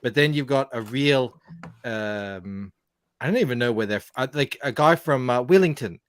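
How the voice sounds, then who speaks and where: A man with a General Australian accent chatting casually on a podcast, talking in a relaxed way with restarts. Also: medium pitch, moderate pace. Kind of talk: casual chat.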